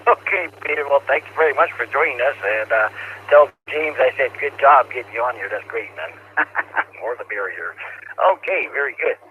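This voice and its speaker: A man acting as net control on an amateur radio net, relaxed and friendly, calling stations by name. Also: medium pitch, normal speed, a little hiss or hum. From Hawaii. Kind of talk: casual radio net hosting. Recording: tinny two-way radio audio.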